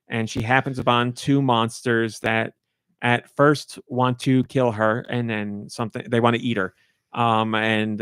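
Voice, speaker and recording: A man talking casually on a podcast, medium-pitched and effusive, tripping over himself with "like" and false starts. His voice is dry and close, with no room sound. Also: smooth, no echo. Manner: rambling and effusive, heavy use of "like". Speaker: podcast co-host and game reviewer.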